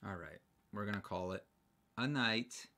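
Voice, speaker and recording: Livestream co-host, male, low voice, loose and rambling banter. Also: moderate pace, bright, forceful tone. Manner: rambling, joking, frequent restarts. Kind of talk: casual live stream chat.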